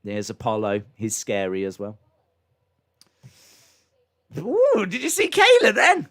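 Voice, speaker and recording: A man hosting a live reaction stream, excitably commenting and answering chat questions, his microphone clipping when he gets loud. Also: on the high side, slow, pauses often. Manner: excitable, hums entrance themes, answers chat. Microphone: desk microphone that clips when loud.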